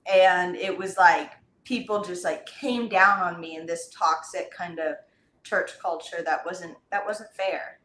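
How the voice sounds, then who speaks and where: A woman in her twenties, a singer, telling stories in a casual interview, animated and giggly, heard over a video call in an echoey room. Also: on the low side, unhurried, a little hiss or hum. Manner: animated, giggly, quotes herself in voices. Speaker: singer guest.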